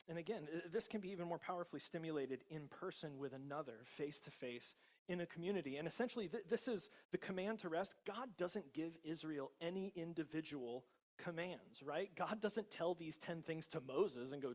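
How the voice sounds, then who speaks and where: A man's voice: on the high side, moderate pace, a little mellow. A male pastor with an American accent preaching a casual, conversational sermon, often chuckling and checking in with the congregation. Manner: conversational, laughs often, many tag questions.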